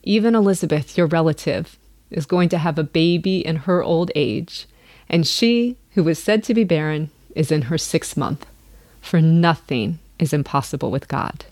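A woman vlogger reading scripture aloud in an unhurried, earnest way. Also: low-pitched, a little mellow, no echo.

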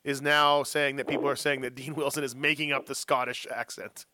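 A man hosting a casual podcast chat, telling animated stories and teasing his co-hosts. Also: mid-range voice, a little fast, noisy background. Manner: animated storyteller who teases his co-hosts. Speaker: podcast host.

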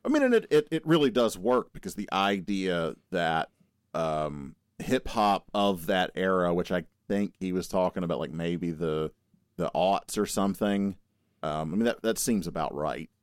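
A young man co-hosting a podcast, chatting casually, animated and teasing, swearing now and then. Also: low voice, moderate pace, smooth, no room sound, studio quality. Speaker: podcast co-host. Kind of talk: casual chat.

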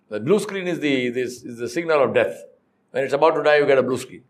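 A man's voice: mid-range voice, fast. Emphatic man. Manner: emphatic, rhetorical questions, storytelling with blunt humor. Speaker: corporate trainer. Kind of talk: classroom lecture.

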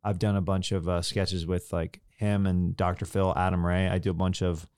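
A man's voice: low voice, flat delivery, normal speed, darkish tone, clear, resonant tone, no room sound, clean studio sound. A man who is a comedian, chatting as a podcast guest in an easygoing way and laughing often. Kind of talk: casual podcast chat.

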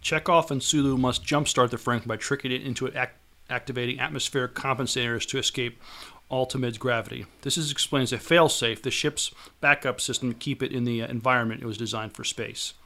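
Bright-voiced man reading listener mail. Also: mid-range voice, steady tone, fairly quick.

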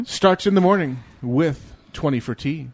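A man's voice: fairly high pitch, a little slow, dry recording. A man hosting a casual podcast, wrapping up the episode with playful, laughing, mock-grand announcements. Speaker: podcast host.

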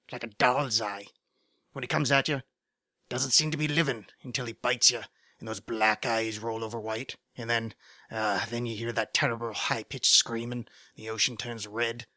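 A man doing an impression of a grizzled old sea captain who hunts sharks, telling a slow, brooding tale. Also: medium pitch, steady tone, pushed and bright, no echo, studio quality, natural voice. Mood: brooding menace.

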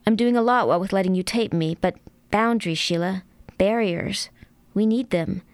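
A woman reading aloud from a novel, voicing a blunt adult woman friend who calmly lays down boundaries. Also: mid-range voice, normal speed, no room sound, lightly acted. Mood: firm.

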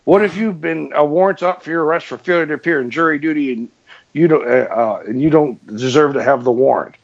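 A man's voice: a little high, a little fast, creaky. A man telling a long story in casual chat, acting out the dialogue and laughing often. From New England. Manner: animated, laughing storyteller who acts out the dialogue. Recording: muffled lo-fi sound.

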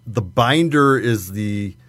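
Man, relaxed podcast guest, rambling with fillers, dead-dry sound. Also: lowish voice, takes it slowly, no room sound. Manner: explains at length with many fillers and restarts. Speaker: cigar reviewer guest. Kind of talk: casual chat.

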